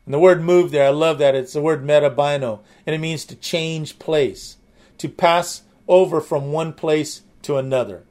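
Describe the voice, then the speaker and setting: A man's voice: a little high, fairly even intonation, normal speed, a little mellow. A man preaching a sermon, explaining the meanings of words with enthusiasm and frequent restarts. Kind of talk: sermon teaching.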